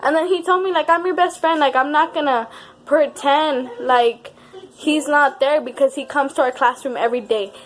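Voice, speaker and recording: A young woman with a high voice tells a personal story in casual vlog style. She talks in an animated way, swears freely and repeats words for emphasis. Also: normal speed. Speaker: vlogger.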